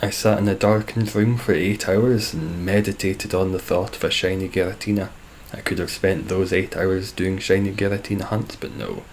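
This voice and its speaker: A young man with a Scottish accent talks casually over his live game stream, answering chat with deadpan sarcasm. His low voice has a gravelly, creaky edge, and faint noise hums underneath. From Scotland. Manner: dry, sarcastic and joking.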